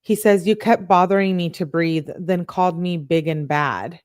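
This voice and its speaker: A woman hosting an online show, reading text messages aloud and breaking in with quick reactions of her own. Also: lowish voice, darkish tone, dry recording, clean studio sound. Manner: reads quotes then breaks in with quick reactions. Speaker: online true-crime show host.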